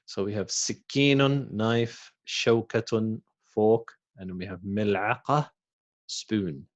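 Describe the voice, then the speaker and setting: A man teaching a beginners' Arabic class, slowly and patiently, saying each word again and then translating it. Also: fairly low pitch. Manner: slow and patient, repeats words and translates them. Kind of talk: recorded language lesson.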